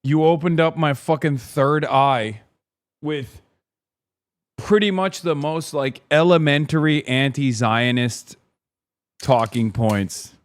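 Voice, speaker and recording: A man's voice: fairly high pitch, takes it slowly, dry recording, studio quality. A man ranting through a casual livestream reaction, swearing and mocking the comments on a video. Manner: profane, animated ranting.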